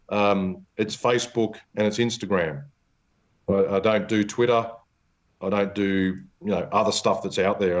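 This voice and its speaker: A man hosting a casual podcast chat, laughing often and swearing easily. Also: fairly low pitch. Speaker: podcast host. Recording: dull lo-fi podcast recording.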